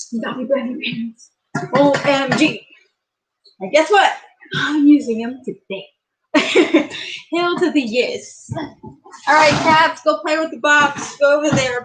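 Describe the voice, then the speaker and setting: A middle-aged woman with a high voice talks slowly through an unboxing vlog, gushing with delight. She exclaims again and again as she shows each item in her home kitchen. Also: a bit bright, low-quality recording. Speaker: vlogger.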